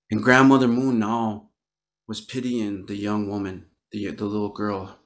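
A man from Northern Wisconsin telling a traditional story aloud, slow and gentle, with repetitions and pauses. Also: on the low side, little pitch movement. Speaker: Ojibwe storyteller. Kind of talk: oral storytelling. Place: online virtual event.

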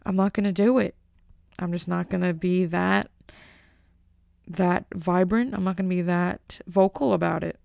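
A woman's voice: on the low side, fairly even intonation, normal speed, creaky, darkish tone, dry recording, clean studio sound. A woman from the United States hosting a casual solo podcast. She rambles through jokey tangents, with plenty of "like" and "you know.". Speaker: podcast host.

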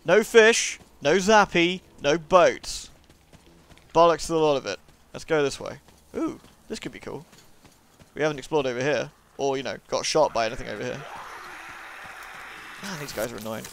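A man's voice: medium pitch, brisk, creaky, pauses often. A young man giving casual, jokey let's-play commentary, swearing and chatting to the game character. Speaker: gaming YouTuber.

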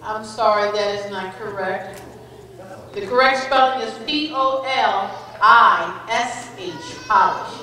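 A woman calling out words at a school spelling bee, giving each definition and a sample sentence in a slow, deliberate, clearly enunciated way, recorded from far off in an event hall. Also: mid-range voice, bright, forceful tone, a little hiss or hum. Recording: echoey hall from far off with audience.

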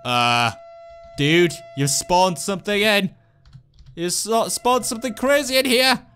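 An excitable man commentates a video game and cracks jokes at the characters on screen. His voice sits fairly high and leaps up and down in pitch, with big swings from calm remarks to yelps. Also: slow pace, clear, resonant tone. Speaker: let's play host. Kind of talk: gameplay commentary.

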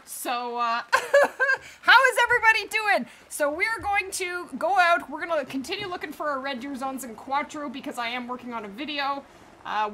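A woman's voice: high voice, pushed and bright, a little hiss or hum. A woman live-streaming a hunting game, bubbly and chatty, laughing often and greeting viewers by name while nursing a back injury.

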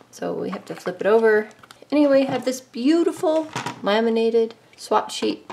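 A woman's voice: mid-range voice, vocal fry, noisy background. A middle-aged woman hosting a casual, chatty art tutorial from her home studio. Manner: chatty, upbeat, shows things to camera. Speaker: art channel host. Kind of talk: casual craft tutorial vlog.

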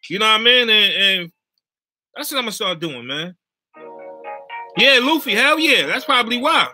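A man talking casually to his viewers on a livestream, slangy and animated, and he keeps checking in with his audience. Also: high-pitched, moderate pace, soft background music. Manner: slangy, animated, keeps checking in with "you know what I mean". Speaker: YouTuber live-chatting with viewers.

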